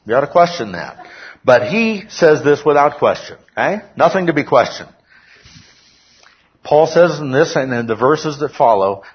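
A man's voice: medium pitch, breathy edge, muffled recording. A male pastor preaching a sermon, often checking in with "okay?" and rising to emphatic outbursts. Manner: peppers talk with "okay?", rises to emphatic shouts. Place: church.

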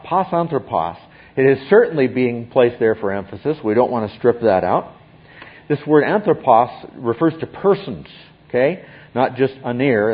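Emphatic husky man teaching scripture. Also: medium pitch, muffled recording. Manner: emphatic, often checks in with "okay?". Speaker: Bible teacher. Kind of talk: expository Bible teaching.

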